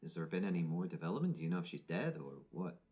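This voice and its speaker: A man's voice: low voice, big pitch swings, fast talker, darkish tone, slightly rough, muffled recording, soft background music, exaggerated voice. A man voicing a male adventurer with a put-on Welsh accent, chatting casually while probing a shopkeeper. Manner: casual, probing small talk.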